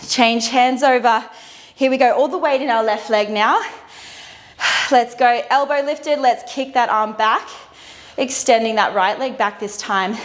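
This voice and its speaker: A woman leading a guided dumbbell workout, out of breath as she exercises, cueing moves with upbeat encouragement. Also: on the high side. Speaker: fitness instructor. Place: indoor workout studio.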